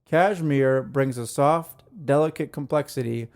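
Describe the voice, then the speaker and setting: A man co-hosting a casual podcast, easygoing and quick to agree in the banter. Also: medium pitch, darkish tone. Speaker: podcast co-host. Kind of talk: casual chat.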